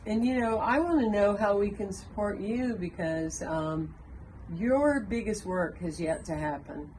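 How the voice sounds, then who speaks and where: A woman guest speaker telling warm anecdotes in an interview, acting out the voices of the people in her stories. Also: mid-range voice, measured pace, slight background noise, rough recording. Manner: animated storyteller, acts out child voices. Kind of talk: storytelling in interview.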